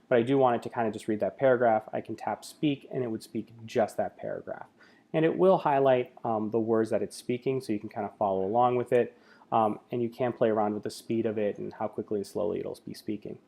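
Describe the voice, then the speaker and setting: Warm and mid-range, a man's voice guides viewers through a relaxed screen-recorded tech tutorial. He's a tech coach whose casual explaining leans heavily on fillers.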